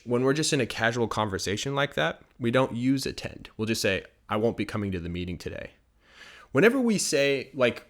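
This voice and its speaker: An American man teaching English phrases for the workplace in a relaxed, explanatory way, acting out short dialogues as examples. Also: medium pitch. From United States. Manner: explains patiently, acts out short everyday dialogues. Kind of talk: casual language lesson.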